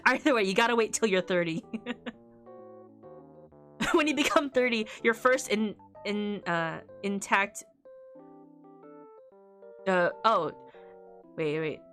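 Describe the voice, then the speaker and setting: A woman's voice: medium pitch, slow, pauses often, fairly bright tone, soft background music. A woman streamer in a casual, rambling chat, often breaking into laughter.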